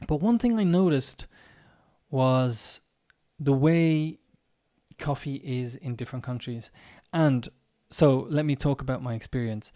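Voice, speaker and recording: A man's voice: mid-range voice, measured pace, dark tone. An English teacher with an Irish accent, musing in a casual live-stream chat and talking directly to his viewers. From Ireland.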